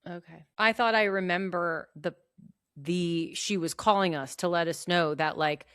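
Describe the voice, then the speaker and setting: A woman with a slightly low voice who reflects aloud and questions the others' memories. She speaks in casual chat, and the sound is close and dry. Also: measured pace, a bit bright, clean tone, no echo. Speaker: podcast co-host. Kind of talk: casual chat among sisters.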